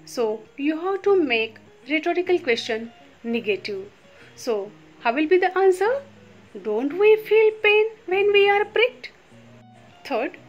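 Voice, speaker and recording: A woman, explaining grammar exercises slowly and patiently as a teacher. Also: very high voice, muffled recording. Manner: slow, patient, repeats rules.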